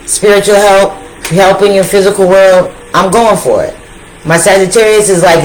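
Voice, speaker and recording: A woman giving a casual tarot reading, talking straight to her viewers in an animated, slangy way that repeats phrases for emphasis. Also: lowish voice, a little slow, slight background noise, rough recording. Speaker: tarot reader.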